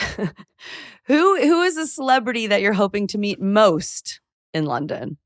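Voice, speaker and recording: A woman's voice: medium pitch, very animated, measured pace, no echo, studio quality. A woman co-hosting a casual podcast, playful and teasing, laughing a lot and joking with borrowed British slang. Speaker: podcast co-host.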